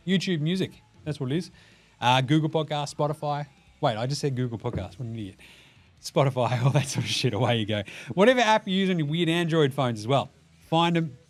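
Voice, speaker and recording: A man with an Australian accent hosting a solo sports podcast, talking in a swearing, animated, jokey way. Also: on the high side, fairly quick, faint music behind. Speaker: podcast host.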